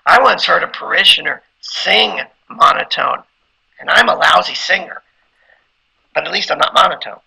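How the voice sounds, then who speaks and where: A man's voice: sits high, animated, moderate pace, gravelly, sharp tone, breathy edge, rough recording. A middle-aged man giving an informal lecture on preaching skills, conversational and at times emphatic like a preacher. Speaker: instructor teaching preaching skills.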